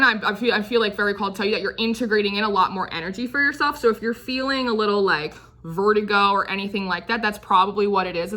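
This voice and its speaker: Young woman doing a rambly tarot reading, lots of "like", bright crisp voice. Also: medium pitch. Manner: chatty, filler-heavy, repeats phrases, drifts into quick put-on voices. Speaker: tarot reader. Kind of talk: casual spiritual tarot reading to camera.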